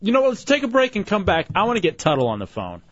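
A man's voice: sits high, huge pitch swings, rapid-fire, no echo. A male radio host bantering and sarcastically teasing a guest on the air. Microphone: studio radio mic. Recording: dull radio broadcast.

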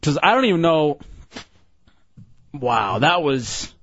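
A man's voice: a little high, sing-song, a bit bright, highs cut off. A man hosting a casual call-in radio show, laughing and teasing his co-hosts and callers. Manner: laughing, teasing, quick back-and-forth.

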